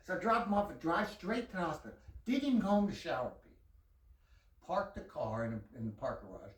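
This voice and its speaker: A man's voice: a little high, fairly quick, far from the mic. Profane man telling a roomy anecdote. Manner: profane, animated storytelling with quoted dialogue. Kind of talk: casual anecdote told to a friend.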